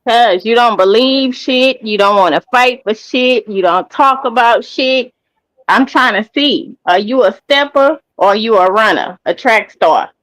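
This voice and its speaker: A woman co-hosts a livestream in a slightly high voice, dry and close to the mic. She is blunt and confrontational, swearing heavily as she presses people. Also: unhurried, fairly bright tone, dry recording, low-quality recording. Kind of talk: casual livestream chat.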